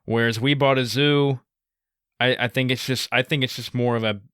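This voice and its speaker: A man co-hosting a casual movie-review podcast, laid-back and halting, laughing along. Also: medium pitch, fairly even intonation, fairly bright tone, smooth, no echo, clean studio sound. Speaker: podcast co-host.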